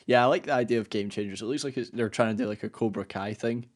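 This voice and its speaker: A man co-hosting a podcast in casual chat, relaxed and rambling, with plenty of "uh" and "like" and frequent laughs. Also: medium pitch, fast talker. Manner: relaxed and rambling, full of fillers like "uh" and "like", laughs often. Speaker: podcast co-host.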